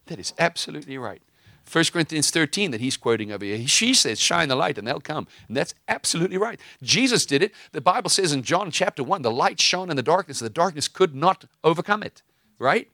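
A man's voice: fairly high pitch, very animated, brisk, few pauses, sharp tone, dry recording, clean studio sound. A man preaching with fiery emphasis, mixing stories and casual asides with scripture. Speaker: preacher and host. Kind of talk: impassioned preaching.

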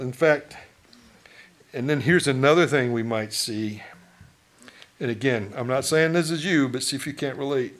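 Man, middle-aged, pastor, sermon, conversational, questions to the congregation, medium pitch. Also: moderate pace, long pauses, a bit bright. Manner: conversational, asks the congregation questions, mock-quotes townsfolk.

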